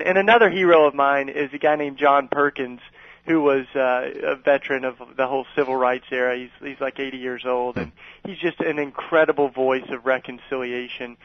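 A man from East Tennessee, a guest on a radio interview, who talks earnestly with lots of restarts and laughs at his own stories. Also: fairly high pitch. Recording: dull lo-fi radio sound.

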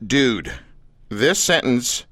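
A male radio host with a lively, swinging voice who jokes his way through a casual interview. His sound is close and dry, with no room around it. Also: mid-range voice, extremely slow, no echo. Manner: playful, joking, animated.

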